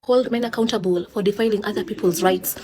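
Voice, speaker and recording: A woman's voice: medium pitch, steady tone, fast talker, a little mellow. A woman with a Kenyan accent giving a sarcastic, indignant opinion monologue, switching between English and Swahili. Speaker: social commentator.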